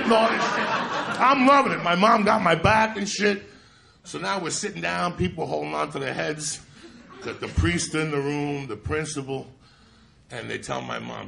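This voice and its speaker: A man doing stand-up storytelling from New Jersey, profane and animated, with loud bursts of shouting. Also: fairly high pitch, normal speed, vocal fry, roomy sound. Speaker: stand-up comedian. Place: comedy club stage with a laughing audience. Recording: live stage recording with crowd.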